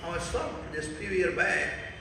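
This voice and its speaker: A man from North India with a North Indian accent, preaching a scripture class in an animated storytelling way and quizzing his listeners. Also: sits high, a little slow, background noise. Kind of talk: sermon. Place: large temple hall. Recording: echoey hall recorded from far off.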